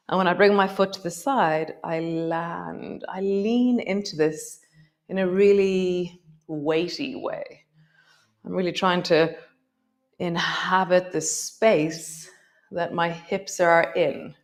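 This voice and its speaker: A middle-aged woman guiding a yoga class with gentle, unhurried cues and soft laughs. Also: lowish voice. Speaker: yoga teacher. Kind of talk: guided yoga class instruction.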